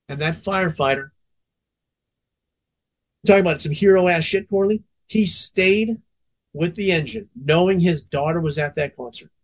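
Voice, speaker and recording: A man in his forties, a veteran fire officer, telling a story on a podcast in an intense, profanity-laced way. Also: on the high side.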